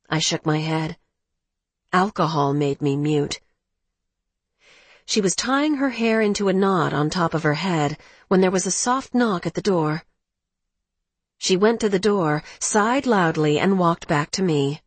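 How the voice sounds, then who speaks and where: A woman narrating a first-person romance audiobook in a measured, emotional way. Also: on the low side, no room sound.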